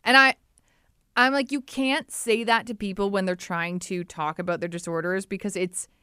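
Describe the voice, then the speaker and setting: A woman's voice: medium pitch, normal speed, clear, resonant tone, no room sound, studio quality. A young adult woman co-hosting a podcast, talking openly and animatedly in casual chat. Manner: candid, animated, quotes people in playful voices. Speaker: podcast co-host.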